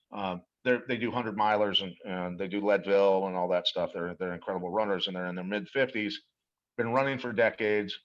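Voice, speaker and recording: A man's voice: lowish voice, fairly bright tone, highs cut off. A middle-aged man telling stories in an interview, earnest and emphatic, often repeating words as he goes. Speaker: interview guest. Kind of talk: animated storytelling about a product.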